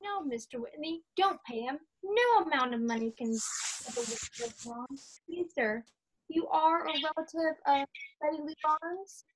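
A woman's voice: high-pitched, expressive, a little slow, poor audio. A female acting student reading her script lines eagerly over a video call.

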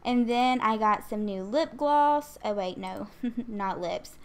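A woman's voice: on the high side, slow, clean tone. A young woman chatting casually as a gaming YouTuber, bubbly and giggly, rambling along a little out of breath. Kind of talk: casual chat.

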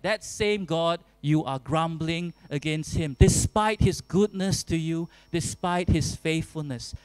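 A man preaching a sermon as pastor, earnest and deliberate, with emphatic repetition. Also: high voice, clean tone, no echo, poor audio. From Singapore.

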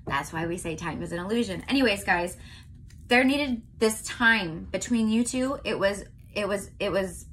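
A young woman from California giving a casual tarot reading to her viewers, chatty and often checking in with a quick "okay?". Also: medium pitch, expressive, a bit bright, slight background noise. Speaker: tarot reader.

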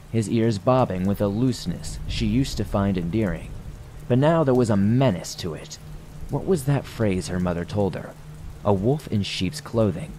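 Male horror narrator, very deep and dark, measured and hushed, soft rain behind. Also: slight background noise.

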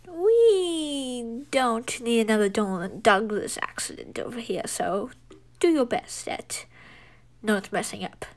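A woman's voice: a little high, expressive, takes it slowly. A woman voicing a fussy, stern little female diesel engine who gives warnings in a home-made storybook.

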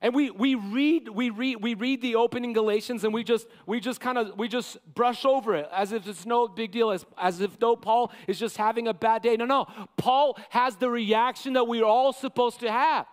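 A man preaching a sermon as pastor, impassioned, sometimes acting out quotes with rising shouts. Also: extremely high pitch, steady tone, moderate pace, hardly any pauses. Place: church sanctuary. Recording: long church hall reverb.

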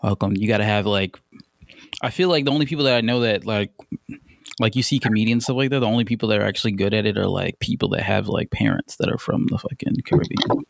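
A man's voice: lowish voice, quick pace, creaky, no echo, studio quality. A young man co-hosting a podcast in casual chat, rambling and swearing with lots of fillers. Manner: rambling, profane, many fillers. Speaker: podcast co-host.

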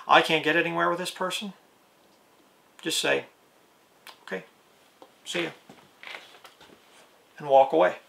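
A man's voice: on the high side, creaky, sharp tone. A man preaching a plain-spoken video sermon, reading scripture aloud and asking his listeners rhetorical questions.

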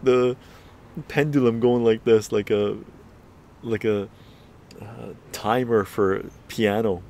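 A man on a livestream tells an animated story packed with profanity and laughter. He talks slowly in a voice on the low side.

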